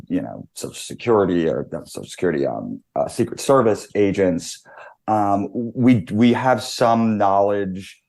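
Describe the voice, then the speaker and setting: A man with a very low voice speaks as a guest on a talk show. He thinks aloud in a loose, halting way, circling back with restarts and fillers. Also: a little mellow. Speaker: guest commentator. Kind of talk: casual talk show discussion.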